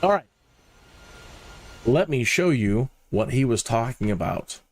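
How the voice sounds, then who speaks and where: A man's voice: medium pitch, sing-song, a little slow. A man narrating his own flight simulator session in a mannered, storytelling, self-mocking way, speaking into a close desk mic. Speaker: flight sim video host. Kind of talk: casual gameplay narration.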